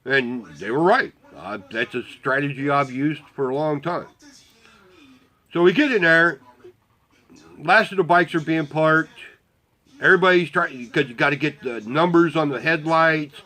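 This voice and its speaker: A man's voice: a little high, unhurried, pushed and bright. A man casually telling a rambling story about volunteering, swearing constantly and acting out his own and others' lines as dialogue. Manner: quotes himself and others in dialogue.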